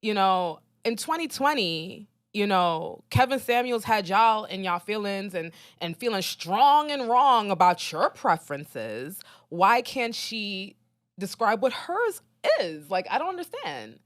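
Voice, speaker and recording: Lively young woman hosting a podcast. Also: mid-range voice, unhurried, no echo, studio quality. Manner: animated, teasing, lots of ums. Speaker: podcast co-host. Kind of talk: casual chat.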